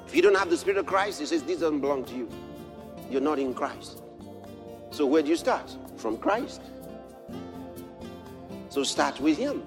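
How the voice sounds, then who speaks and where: Man, preacher, sermon, high voice, animated, quotes old-fashioned scripture. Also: normal speed, pauses often, music in the background. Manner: builds from quiet storytelling to shouted exhortation.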